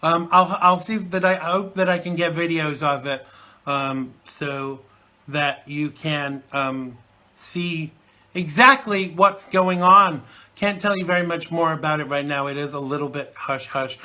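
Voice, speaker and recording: A man's voice: on the high side, steady tone, unhurried, bright, forceful tone. A man hosting a live internet talk show from the UK, chatting and rambling with many fillers, recovering from a chesty cold. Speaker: host.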